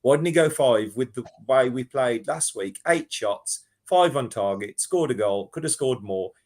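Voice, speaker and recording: A man calling in to a football phone-in, talking in an animated, rambling way and often restarting his sentences. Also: mid-range voice, moderate pace. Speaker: caller. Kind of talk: casual football phone-in chat.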